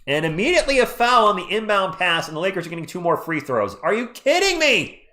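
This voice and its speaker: A man, hoarse and losing his voice, doing fan play-by-play on a live stream and ranting about referee calls. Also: sits high, lively intonation, fast, sharp tone.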